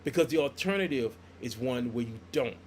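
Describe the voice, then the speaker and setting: Animated man telling stories on a podcast. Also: medium pitch, a little fast, husky. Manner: animated storyteller who acts out quoted dialogue. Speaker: comic book artist guest. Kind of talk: casual podcast storytelling.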